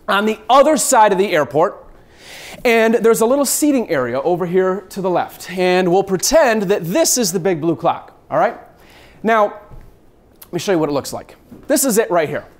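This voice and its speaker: Animated man telling a travel story. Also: high voice. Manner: lively, acts out scenes, mixes in swearing.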